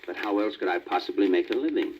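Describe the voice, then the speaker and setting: A man's voice: deep voice, fast, a little mellow, close to an everyday voice. A man voicing a kindly, hopeful old male donkey who talks in a friendly, encouraging way, on a muffled old vinyl record with faint static.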